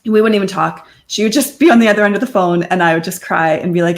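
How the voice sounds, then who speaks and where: This middle-aged woman speaks at medium pitch and a quick pace as a guest on a podcast. In a candid personal interview she talks openly and conversationally about her life, quoting her friends in lively voices.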